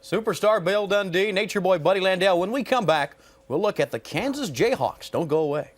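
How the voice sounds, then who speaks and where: A man hosting a wrestling TV show, interviewing guests and introducing segments in a smooth, even announcer delivery. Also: high voice, fairly quick. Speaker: wrestling TV host. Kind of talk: broadcast interview and commentary.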